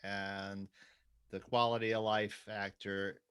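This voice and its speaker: A middle-aged man talking casually on a podcast, his voice bright and forward. He gets lively and loud in his stories and swears without a second thought. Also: takes it slowly, clean tone. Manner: animated storyteller, swears freely, jumps to high pitch when quoting others. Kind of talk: casual chat.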